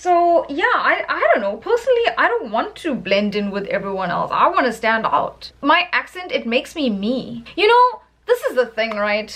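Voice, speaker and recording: Animated South African woman vlogger. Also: high-pitched. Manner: animated, emphatic and opinionated, with frequent laughs. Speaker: English teacher. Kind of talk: casual vlog monologue.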